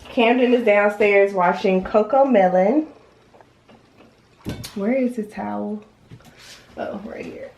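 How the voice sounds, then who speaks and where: A woman's voice: mid-range voice, slow, pauses often, darkish tone, a little hiss or hum. Young woman, sick and congested, rambling chatty home vlog filmed on a phone. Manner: chatty, rambling, many fillers. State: congested, stuffy-nosed. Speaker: vlogger and mother. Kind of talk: casual home vlog chat. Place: at home, indoors.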